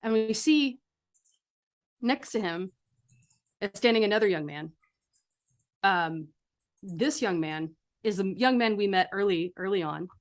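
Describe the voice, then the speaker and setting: A woman narrating a horror tabletop game as game master, setting scenes like a film in a casual way. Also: mid-range voice.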